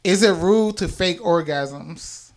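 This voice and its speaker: A young man hosting a casual podcast chat, telling stories in a relaxed way and laughing often. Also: takes it slowly. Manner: laid-back storytelling, low-key, laughs often. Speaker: podcast host.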